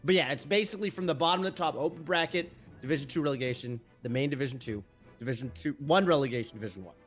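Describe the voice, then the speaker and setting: Chatty guy co-hosting a stream, kinda high voice, laughs a lot, faint music behind. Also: very fast. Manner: chatty, laughs easily, lots of fillers. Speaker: co-host. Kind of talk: casual streamed chat.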